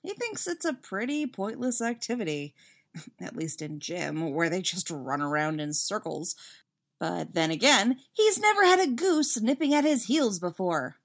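A woman reading a fan story aloud with lively, expressive narration. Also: medium pitch, unhurried. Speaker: fanfiction reader.

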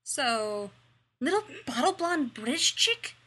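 A woman reading the lines of a snobby, sarcastic teenage high school girl in a snippy way. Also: moderate pace, bright, forceful tone, husky, exaggerated voice.

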